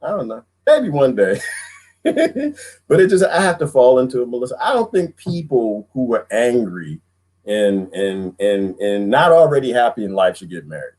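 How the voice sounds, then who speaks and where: Husky man ranting with lively swings. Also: mid-range voice, normal speed. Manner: laughs often, slips into mocking voices; drawling casual speech, repeats himself. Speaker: livestream host. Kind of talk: casual comedic rant to viewers.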